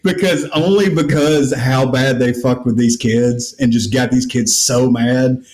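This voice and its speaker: A man's voice: medium pitch, unhurried, roomy sound. A man, hosting a casual podcast chat and telling a long story with acted-out quotes and plenty of swearing. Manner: animated, profane storyteller who acts out quotes. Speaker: podcast host.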